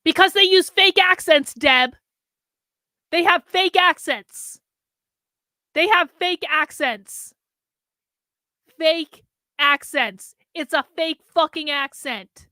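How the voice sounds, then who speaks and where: A woman's voice: extremely high pitch, takes it slowly, pauses often, pushed and bright, no echo, studio quality. A woman hosting a show, giving mocking reaction commentary to a video with sarcastic, repeated jabs.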